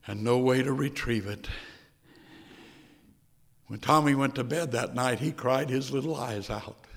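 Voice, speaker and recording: A man's voice: mid-range voice, gravelly, a bit bright. A man preaching a sermon, telling a story with feeling and building to passionate appeals. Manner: emotional storytelling that builds to passionate preaching, briefly sings a hymn.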